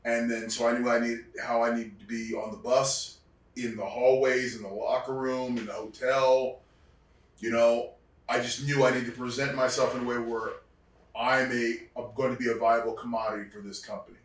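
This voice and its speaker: A former wrestler tells his stories in an animated, easygoing way and slips into other people's voices as he goes. His voice sits at an ordinary male pitch. The sound echoes around the room, with the mic set well back from him. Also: normal speed. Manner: animated storyteller, acts out quoted voices. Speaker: interview guest, former wrestler. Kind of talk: casual storytelling interview. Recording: roomy sound from a distant mic.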